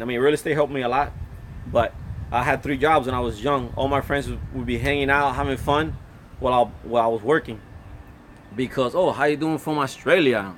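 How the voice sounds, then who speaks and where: A man's voice: medium pitch, fairly bright tone, slight background noise. A middle-aged man hosting a casual live stream from his phone, rambling and reading out viewer comments. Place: Florida.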